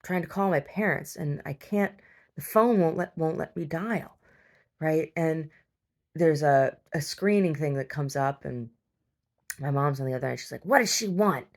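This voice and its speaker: A woman's voice: low voice, unhurried, darkish tone. A woman host telling a long casual story, rambling and chatty, full of fillers and restarts. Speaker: podcast host.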